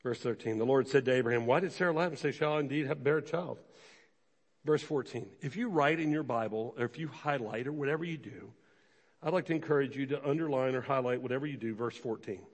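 Speaking in a medium-pitched male voice, a pastor delivers an animated, conversational sermon and slips into quick quoted voices for the story's characters. The recording carries a long hall reverb.

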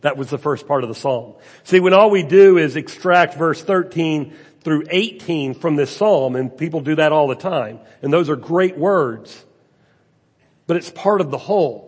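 A man's voice: a little high, expressive, normal speed, husky. A man preaching a sermon as a pastor, with rhetorical questions and emphasis that rises and falls. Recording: long hall reverb.

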